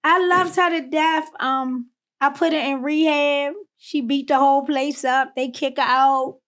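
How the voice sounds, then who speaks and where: Candid woman from Baltimore, higher-pitched. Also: steady tone, measured pace. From Baltimore, USA. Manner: candid, emotional, drifts soft on painful parts. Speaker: podcast guest. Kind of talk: personal storytelling.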